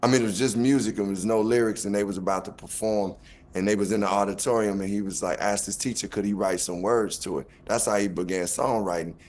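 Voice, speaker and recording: A man with a Chicago accent, a guest rapper telling an animated story and acting out quotes with laughter. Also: on the low side, fast talker. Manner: acts out quotes, laughing, back-and-forth.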